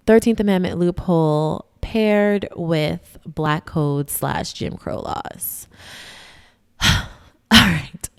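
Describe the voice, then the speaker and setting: An American woman hosts a podcast, explaining history in a conversational, emphatic way and checking in with her listeners often. Her lowish voice is smooth and darkish, with some vocal fry.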